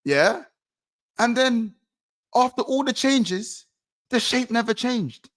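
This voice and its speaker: A man's voice: lively intonation, slow, fairly bright tone. Guy on a call going off about a bad footy loss, blunt and slangy. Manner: low, blunt, slang-heavy venting. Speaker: football channel co-host. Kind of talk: casual football chat over a call.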